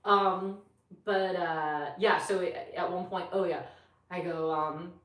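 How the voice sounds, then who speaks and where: Brief: bright-voiced woman comic, chatty storyteller, set back from the mic in an echoey room. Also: on the low side, slow, far from the mic. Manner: chatty, animated retelling with lots of fillers. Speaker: comedian podcast host. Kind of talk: casual storytelling chat.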